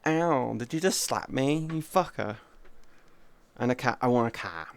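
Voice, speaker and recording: Smooth-voiced young man chatting on stream. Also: medium pitch, normal speed, long pauses. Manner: animated, rambling and playful, with swearing. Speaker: VTuber streamer. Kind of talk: casual livestream chat. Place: indoors at home.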